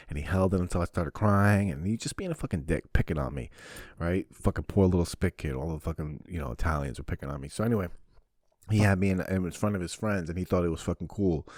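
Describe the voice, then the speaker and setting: A man's voice: low voice, a little mellow, dry recording, clean studio sound. A man, rambling through personal stories on his own podcast, profane and mocking. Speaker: podcast host. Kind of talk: solo podcast monologue.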